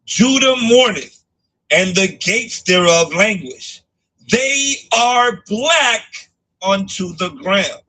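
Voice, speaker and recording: Man, scripture reader, slow, measured, high, bright tone. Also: animated, low-quality recording. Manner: slow, measured reading cadence. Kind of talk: reading scripture aloud.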